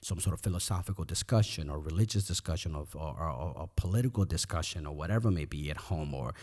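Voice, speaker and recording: This middle-aged man's podcast is reflective personal talk, delivered earnestly with frequent word repetitions as he thinks aloud. He speaks quickly in a slightly mellow bass voice.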